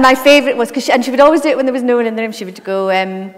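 Chatty author telling anecdotes in a hall. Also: female voice, on the high side, very fast, few pauses. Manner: chatty, anecdotal, lively asides. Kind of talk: onstage conversation. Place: library event hall. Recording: long reverb from a hall.

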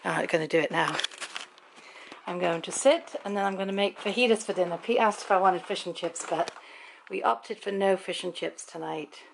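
A woman's voice: fairly low pitch, normal speed, vocal fry, a little hiss or hum. A middle-aged British woman vlogging from home, chatting and rambling through a long story with frequent ums. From Britain. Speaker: family vlogger. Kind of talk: casual chatty vlog. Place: at home in the evening.

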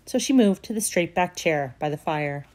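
Storyteller: woman with a lowish voice, steady and expressive read-aloud for church. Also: moderate pace, a little hiss or hum. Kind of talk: storybook reading.

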